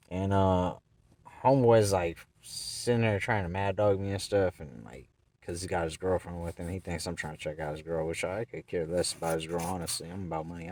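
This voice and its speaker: Profane low-voiced man telling a story. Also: mellow, no echo, recorded from a distance. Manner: profane, rambling, acts out the people he quotes. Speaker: vlogger. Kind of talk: casual storytelling vlog. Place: in his car.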